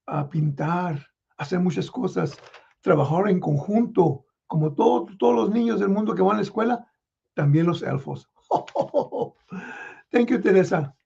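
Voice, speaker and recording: Gravelly, husky man playing Santa. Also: high-pitched, darkish tone, muffled recording. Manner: chuckling, folksy, halting with fillers. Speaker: Santa Claus performer. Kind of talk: reading children's letters as Santa.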